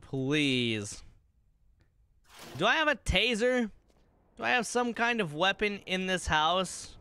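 A man's voice: high-pitched, sing-song, takes it slowly, sharp tone, clear, resonant tone. A man streaming a horror game, jumpy and panicky, swearing often as he plays. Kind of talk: horror game livestream commentary.

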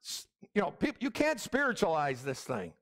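High-voiced, animated male preacher. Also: moderate pace. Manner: emphatic preaching, repeated calls of "Amen?". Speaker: pastor. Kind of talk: sermon.

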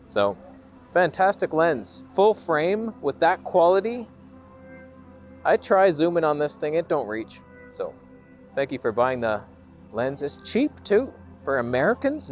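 A man chatting playfully outdoors as a camera vlogger, joking at his own expense and slipping into mock narration. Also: a little high. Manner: playful, self-mocking banter with mock narration. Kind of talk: joking outdoor vlog chat. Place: outdoors at a beach ridge.

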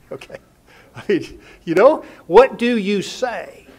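A man's voice: high voice, lively intonation, slow, darkish tone. An older man preaching a sermon, folksy and full of rhetorical questions and homespun stories. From United States. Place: church sanctuary.

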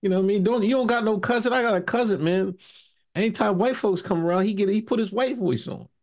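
A man hosting a casual podcast, telling stories with animated, profane banter. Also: high voice, quick pace. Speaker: podcast host.

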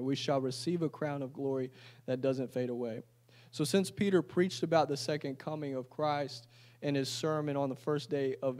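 A man's voice: medium pitch, a little mellow. A man preaching a sermon in a church. He reads scripture aloud and then explains it in casual, everyday talk. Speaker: pastor.

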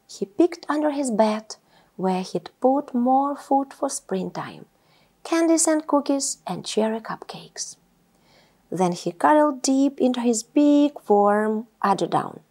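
Woman storyteller for children's read-aloud; slow, high and expressive.

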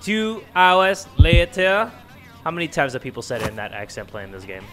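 A man's voice: lowish voice, expressive, racing, bright, forceful tone, faint music behind. A man doing jokey let's play commentary, talking to the game characters and yelping at jump scares. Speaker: gaming video creator.

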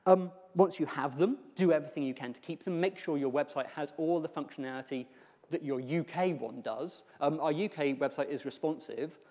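A man with a slightly higher voice gives a conference talk, dropping dry jokes along the way. His voice rings out with a long reverb from a large hall. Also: fairly quick, a little mellow. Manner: wry, joking asides. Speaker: conference speaker. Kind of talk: conference presentation.

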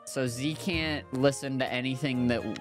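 A man's voice: medium pitch, fairly even intonation, moderate pace, music in the background. A man in casual voice chat during a group game, laid-back, rambling and swearing.

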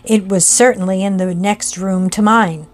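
A woman reading aloud, voicing an angry, excitable male lawyer who speaks sharply. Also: medium pitch, normal speed, close to an everyday voice. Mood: tense. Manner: sharp and agitated.

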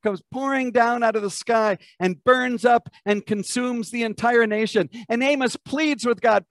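A man's voice: high-pitched, animated, moderate pace, no echo. An American man preaching a sermon, retelling scripture as a vivid story and asking listeners to imagine it. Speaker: pastor.

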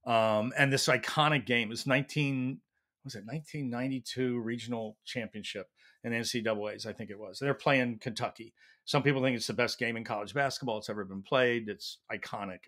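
Male academic guest, storytelling answers, mid-range voice, animated. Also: medium pitch. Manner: animated storyteller, acts out quotes. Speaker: leadership professor, guest.

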